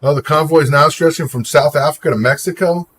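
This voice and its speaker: A livestream host with a fairly high, fairly bright, husky voice talks fast in a casual, opinionated chat. He reacts to viewer comments and answers people by name.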